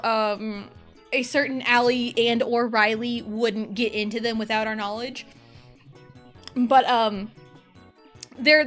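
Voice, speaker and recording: A woman's voice: a little high, pushed and bright. A woman in her thirties streaming a game, chatting casually in a rambling, exasperated way with lots of fillers. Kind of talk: casual chat while gaming.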